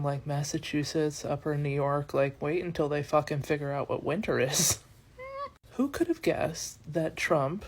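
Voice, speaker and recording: A speaker delivers sarcastic, profane vlog commentary full of deadpan asides. The voice sits at a middle pitch.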